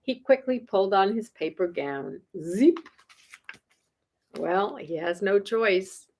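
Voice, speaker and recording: At a children's storytime, a woman reads a picture book aloud to young kids, playful and chuckling as she keeps asking them questions. Her medium-pitched voice is animated and slow with a darkish tone, and there's a little hiss or hum in the audio.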